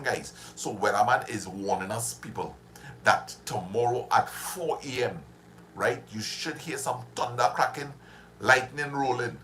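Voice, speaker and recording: A man's voice: medium pitch, unhurried, fairly bright tone, slight background noise. A man hosting a casual livestream, chatty and reminiscing, laughing often as he talks with viewers. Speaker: livestream host.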